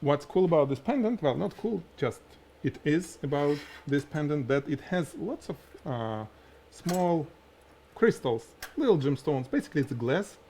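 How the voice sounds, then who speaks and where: On a live stream, a heavily Russian-accented photography instructor with a mid-range male pitch gives a lighting lesson. Lively and practical, he demonstrates as he explains and chuckles at himself, with slight noise in the background.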